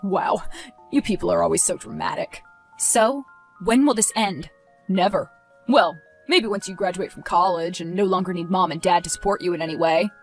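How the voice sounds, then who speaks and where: A woman's voice: fairly low pitch, normal speed, faint music behind, natural voice. A woman voicing a smug, manipulative teenage boy who mocks and coolly threatens his twin.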